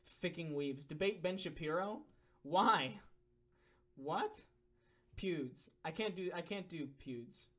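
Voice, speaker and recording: A man's voice: sits high, lively intonation, slow pace, fairly bright tone. A young man streaming, reading donation messages and answering viewer questions in a rambling, profane, filler-heavy way. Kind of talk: casual live-stream Q&A.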